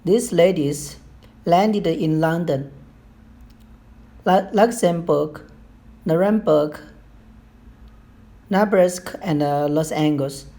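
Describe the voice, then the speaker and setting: A man with a Chinese accent reads a practice paragraph aloud, hesitant and stumbling at times. He reads very slowly, with a mellow, soft-edged tone. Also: on the high side. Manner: hesitant, stumbles over words.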